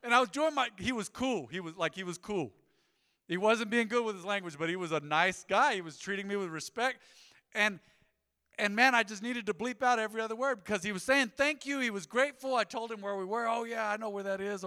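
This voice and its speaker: A middle-aged male pastor delivers a sermon in a high, bright voice, moving between quiet asides and animated punchlines. His voice rings out with a long reverb through the church hall. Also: brisk, clean tone. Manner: animated storytelling with rising emphasis. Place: church sanctuary.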